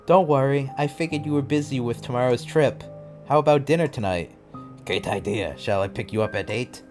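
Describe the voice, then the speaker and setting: A man's voice: medium pitch, brisk, a little mellow, pitched above the performer's own voice, close to an everyday voice. Man voicing a sweet young girlfriend, raised light voice, faint music. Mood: affectionate. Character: young woman, affectionate girlfriend.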